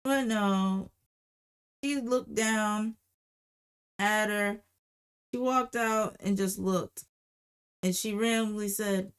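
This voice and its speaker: A woman's voice: medium pitch, fairly even intonation, slow pace, pauses often, clear, resonant tone. A woman hosting a livestream, telling a casual, rambling story and repeating phrases for emphasis. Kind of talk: casual storytime while drawing.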